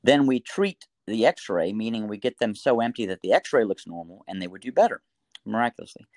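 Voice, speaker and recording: A middle-aged man, a doctor talking through a story and advice in a casual interview, animated, with frequent restarts. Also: fairly low pitch, a little fast, no echo. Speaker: pediatric doctor guest.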